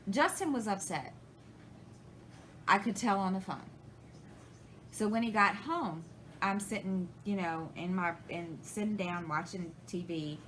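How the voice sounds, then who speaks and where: A woman's voice: mid-range voice, fairly bright tone, a little hiss or hum, poor audio. A woman, chatting casually to her viewers and rambling through a family story, acting out past conversations. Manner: rambling, retells conversations, many restarts. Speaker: crafting channel host.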